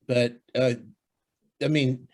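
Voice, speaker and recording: A man co-hosting a podcast in casual chat, talking in halting bursts with many restarts and fillers. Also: mid-range voice, level tone, a little mellow. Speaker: podcast co-host.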